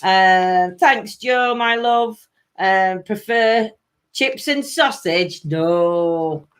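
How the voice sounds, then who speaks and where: A woman's voice: mid-range voice, extremely slow. Giggly South Yorkshire woman chat host. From Sheffield, England. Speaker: host of a weekly chat show. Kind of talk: casual live-stream chat, reading out viewer comments.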